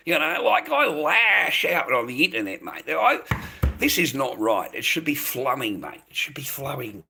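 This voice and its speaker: A man's voice: medium pitch, big pitch swings, normal speed, creaky, sharp tone, slightly rough. Rambling older man streaming. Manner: rambling, repeats himself, calls viewers mate and boys. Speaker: livestreamer. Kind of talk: rambling livestream chat.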